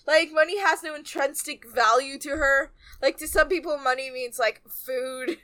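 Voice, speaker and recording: A woman's voice: high voice, moderate pace, bright, forceful tone. A woman co-hosting a casual book podcast, ranting with exasperation about the story. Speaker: podcast co-host. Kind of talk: casual book-club chat.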